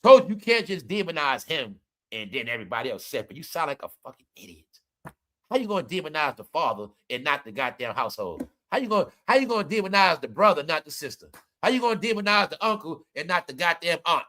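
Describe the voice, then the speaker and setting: Loud, profane man ranting bright and high. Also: big pitch swings, quick pace. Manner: loud, profane, scolding, repeats points for emphasis. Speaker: commentary vlogger. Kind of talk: ranting celebrity commentary.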